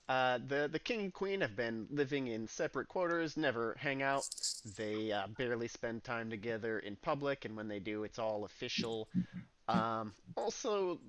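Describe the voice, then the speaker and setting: A man narrating as game master of a tabletop game, relaxed and rambling, with plenty of fillers. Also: mid-range voice, no echo, highs cut off.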